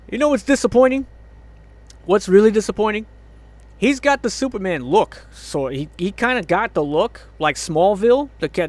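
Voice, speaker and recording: High-voiced man in a profane angry rant. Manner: profane, ranting, frequent exasperated groans and laughs. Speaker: movie reviewer. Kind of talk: angry movie review rant.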